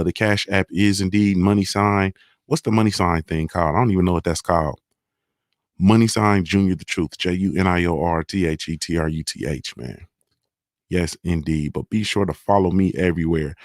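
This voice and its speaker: A man's voice: deep voice, dry recording, studio quality. A man hosting a casual solo morning show, talking in a laid-back way with lots of "man" and "you feel me" as he reads sponsor plugs. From Ohio.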